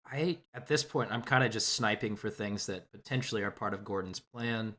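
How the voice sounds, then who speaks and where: A man's voice: fairly low pitch, normal speed, bright, forceful tone. A man on a casual sports chat panel, making wry, joking asides.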